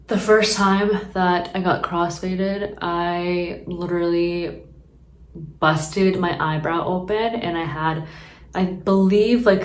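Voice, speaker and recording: A young woman chatting casually through a makeup routine, rambling with lots of fillers. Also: lowish voice. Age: young adult. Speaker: beauty vlogger. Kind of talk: casual makeup tutorial chat. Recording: echoey room, mic at a distance.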